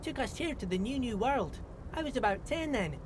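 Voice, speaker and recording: A man's voice: very high voice, animated, a little fast, background noise, voice pushed up. A man voicing a small, friendly immigrant dock worker who repeats himself and keeps saying "mister" in a folksy way. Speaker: voicing a game character. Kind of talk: game dialogue read aloud.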